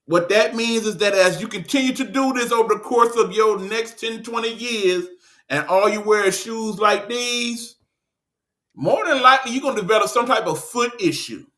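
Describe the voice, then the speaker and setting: Blunt high-voiced Detroit man ranting. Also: normal speed, bright, forceful tone. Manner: blunt, scolding, profane, joking. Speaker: online show host. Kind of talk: casual ranting monologue.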